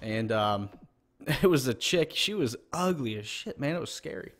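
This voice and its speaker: A man's voice: medium pitch, lively intonation, normal speed, fairly bright tone. A man streaming a hockey video game, chatting casually and swearing at the plays. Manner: profane, grumbling at the game. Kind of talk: casual gameplay commentary.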